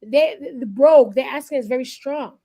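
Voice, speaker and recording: High-voiced chatty woman co-host. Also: fairly quick, slight background noise. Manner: chatty, animated storyteller. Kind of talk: casual radio talk show chat.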